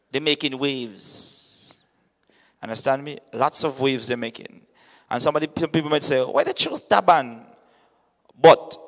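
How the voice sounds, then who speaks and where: A man who hosts an event, hyping the acts in a lively, chatty way and often saying "understand me". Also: mid-range voice. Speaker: event host. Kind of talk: hyping announcements at a media launch. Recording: long reverb in a hall.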